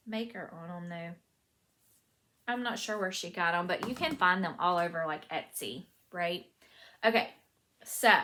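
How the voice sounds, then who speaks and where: A woman's voice: on the low side, a bit bright. A woman with a Southern US accent hosting a knitting podcast, chatting casually and gushing over her finished projects with lots of fillers. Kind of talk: casual show-and-tell vlog.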